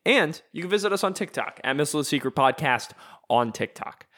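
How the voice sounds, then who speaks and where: A man's voice: on the high side, animated, bright, forceful tone. A man co-hosting a casual podcast, joking and laughing easily while he runs through the show's plugs. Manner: jokey, laughs often, reads plugs quickly. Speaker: podcast co-host.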